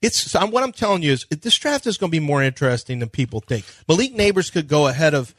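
A man's voice: on the high side, very animated, fast, fairly bright tone, dry recording, clean studio sound. A man co-hosting a sports radio show, telling stories animatedly and quoting others' conversations. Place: radio studio. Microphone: studio microphone.

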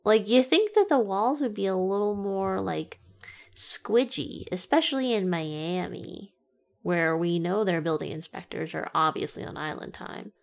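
A woman talking loosely about a film and tossing in dry quips. She has an ordinary mid-range voice and an easy, relaxed flow. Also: medium pitch, measured pace, gravelly. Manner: dry, wry jokes. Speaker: podcast co-host. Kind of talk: casual movie review chat.

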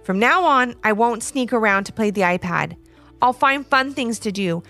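A woman voicing a young boy who yells desperately for help. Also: fairly high pitch, expressive, normal speed, soft background music. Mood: resolved. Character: panicky young boy trapped and calling out.

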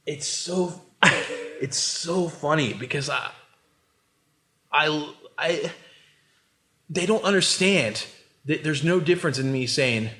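A man's voice: fairly high pitch, slow, long pauses, sharp tone. Worked-up guy cussing up a storm on a podcast, repeats himself a lot. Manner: heated, profane, repetitive. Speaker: podcast guest. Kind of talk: casual chat.

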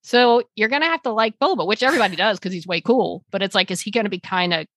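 A woman co-hosting a podcast, chatting casually in an animated, rambling way. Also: medium pitch, fast, no echo. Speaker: podcast co-host. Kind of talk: casual chat.

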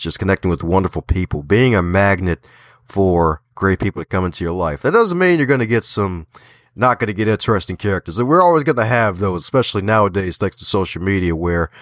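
Deep-voiced and folksy, this Baltimore man with a slight Southern twang is a guest author and podcaster in a casual interview. He keeps things upbeat and laughs often, and the recording carries no room sound.

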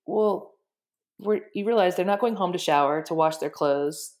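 A woman guest in casual interview chat, telling stories in an animated, excited way. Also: on the low side, moderate pace. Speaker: guest, shelter director.

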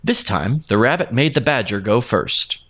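A man reads a storybook tale aloud at a mid pitch. His intonation is lively and rises and falls freely. He keeps up a steady, expressive storyteller's delivery. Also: moderate pace. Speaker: narrator. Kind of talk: storybook narration.

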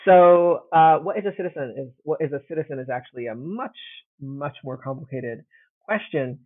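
A man in relaxed academic chat, thinking aloud with frequent restarts and self-deprecating asides. His voice comes through a thin, phone-like line. The sound is close and dry. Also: on the high side, moderate pace, no room sound. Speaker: podcast co-host, classics scholar.

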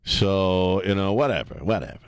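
A man's voice: sits low, animated, normal speed, clear, resonant tone, dry recording, clean studio sound. A man in his fifties hosting a talk radio show, blunt and casual, laughing often and repeating words as he goes. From Washington DC area. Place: radio studio. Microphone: studio mic.

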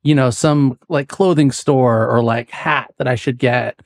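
A man's voice: medium pitch, measured pace, no echo, studio quality. Laid-back man rambling through a chat. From West Coast US. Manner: relaxed, rambling, laughs often. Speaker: podcast guest. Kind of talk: casual chat.

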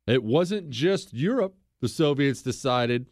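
A man's voice: mid-range voice, measured pace, no room sound, studio quality. A man hosting a casual history podcast, telling events with sarcastic asides and acting out quoted lines. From United States. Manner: sarcastic, animated, acts out quotes. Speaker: podcast host.

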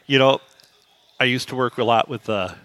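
A man's voice: mid-range voice, steady tone, moderate pace, fairly bright tone, clean tone. A man co-hosting a podcast, telling dry, offhand anecdotes in casual chat.

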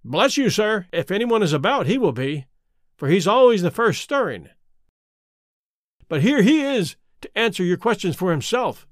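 A man voicing a gruff stable groom, brusque with strangers. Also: sits high, big pitch swings, moderate pace, no echo, studio quality.

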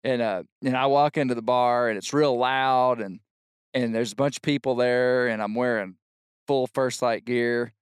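A middle-aged man on a podcast telling a long funny story, animated and shouting out the lines he quotes. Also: medium pitch, moderate pace, clean tone, no room sound, clean studio sound. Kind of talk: casual storytelling chat.

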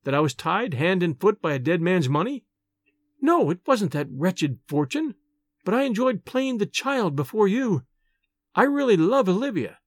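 A man reading aloud and voicing an earnest, refined young woman who speaks in a hurried, pleading way. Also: high-pitched, no echo.

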